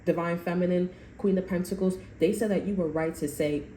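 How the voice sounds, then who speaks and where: A woman's voice: fairly low pitch, fairly even intonation, brisk, warm tone. A woman doing a casual tarot reading, blunt and profane, rambling and repeating herself, recorded in a roomy space. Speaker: tarot reader. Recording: roomy echo with faint noise.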